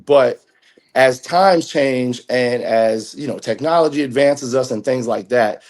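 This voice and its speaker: A man's voice: mid-range voice, unhurried, darkish tone. A man in casual chat, talking thoughtfully and hedging his points. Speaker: guest.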